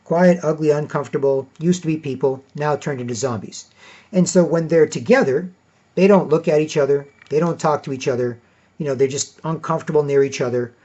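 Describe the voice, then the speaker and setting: Rambling man, husky voice, lo-fi sound. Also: a little high, a little fast, a little mellow. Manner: rambling, repeats "you know" and "right". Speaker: podcast host. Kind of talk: casual monologue. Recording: dull lo-fi recording.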